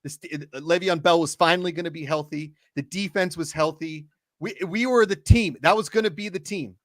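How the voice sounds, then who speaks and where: A man's voice: on the high side, brisk, no room sound, clean studio sound. A man co-hosting a sports talk show, ranting animatedly and swearing now and then. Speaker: podcast co-host. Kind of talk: casual sports chat.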